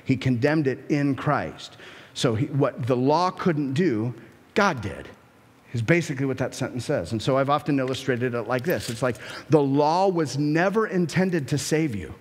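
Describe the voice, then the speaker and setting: A male pastor preaching a sermon, animated and emphatic, sometimes acting out the voices of his listeners. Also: medium pitch, moderate pace, husky, in a large hall. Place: church sanctuary.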